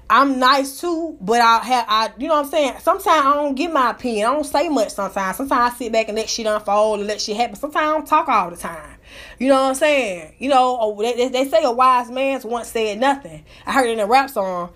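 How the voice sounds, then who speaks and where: High-voiced woman ranting, profane and hype. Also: a bit bright. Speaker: live-stream host. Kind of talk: casual ranting storytelling.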